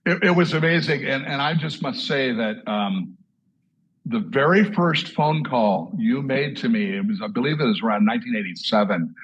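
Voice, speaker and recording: A man's voice: mid-range voice, normal speed, breathy edge, highs cut off. Iowa-raised man in his 60s, stammering storyteller. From Southwest Iowa, USA. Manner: repeats words and restarts often, lively storyteller. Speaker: host, drummer.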